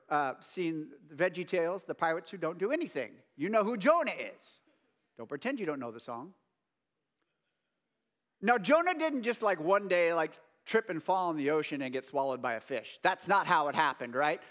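Man, high voice, chatty joking sermon, casual asides. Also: fairly bright tone. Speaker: preacher.

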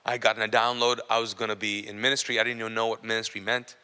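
Male minister, bright forceful voice, hushed storytelling testimony in a large church hall with long reverb. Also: level tone, racing, smooth. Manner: storytelling, often dropping to a low hushed voice. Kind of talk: sermon testimony.

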